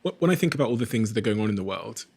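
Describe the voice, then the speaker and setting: A man hosting an interview, speaking thoughtfully and haltingly as he searches for his words. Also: on the low side, lively intonation, vocal fry, a little mellow, husky, no room sound. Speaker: podcast host. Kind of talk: reflective interview questions.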